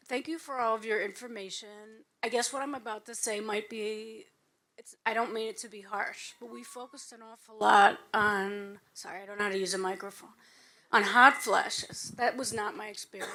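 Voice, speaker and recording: A woman's voice: medium pitch, steady tone, moderate pace, sharp tone. A woman in the audience giving a hesitant, emotional comment at a panel. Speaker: audience member.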